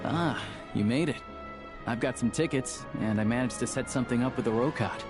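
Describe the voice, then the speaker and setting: An actor playing a composed, helpful adult man in game dialogue, calm and measured. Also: mid-range voice, music in the background, close to an everyday voice. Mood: friendly.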